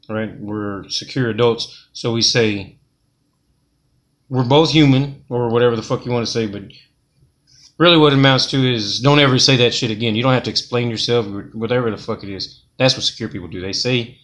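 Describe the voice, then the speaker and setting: A man talks straight to his viewers, blunt and heavy with swearing. He rambles through his advice in a casual, unpolished way at a middling pitch. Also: a bit bright. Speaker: vlogger giving advice.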